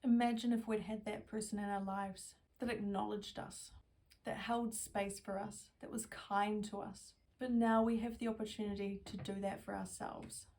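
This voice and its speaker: Woman therapist talking softly thru a self-help lesson, calm n reassuring, mid pitch. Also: distant mic. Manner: gentle, slow, reassuring, repetitive affirmations.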